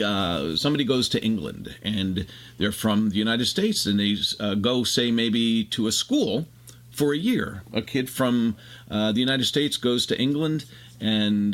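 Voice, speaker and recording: A man's voice: mid-range voice, fairly bright tone. A man hosting a casual conversation, explaining ideas at length. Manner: expansive, explanatory, fast bursts.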